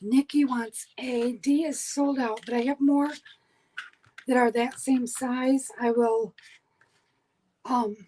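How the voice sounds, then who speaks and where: A woman's voice: high-pitched, fairly even intonation, takes it slowly, pauses often, warm tone, low-quality recording. A woman hosting a live online sale, chatting casually while she counts items and reads out buyers' names. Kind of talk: casual live-stream selling.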